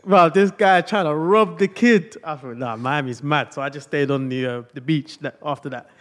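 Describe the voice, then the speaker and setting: A man's voice: a little high, moderate pace. A young man, hosting a podcast and telling a long story in a casual, slang-heavy way. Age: young adult. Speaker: podcast host.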